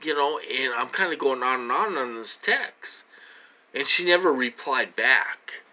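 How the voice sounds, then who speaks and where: A man's voice: mid-range voice, lively intonation, unhurried, bright, forceful tone. A man talking to his viewers in a rambling, repetitive way, full of fillers and upset. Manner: upset, growing agitated. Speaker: vlogger. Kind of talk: personal talk to camera.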